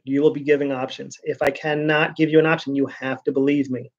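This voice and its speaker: A man's voice: a little high, highs cut off. A man vlogging in a casual, rambling way, venting his frustration and repeating words as he goes.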